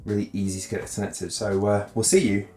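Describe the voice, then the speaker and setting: A man's voice: on the low side, flat delivery, fast, a little mellow, soft background music. A man casually talking through unboxing and setting up a monitor, loose and chatty. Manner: chatty, loose, peppered with "kind of". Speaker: tech reviewer. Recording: roomy echo.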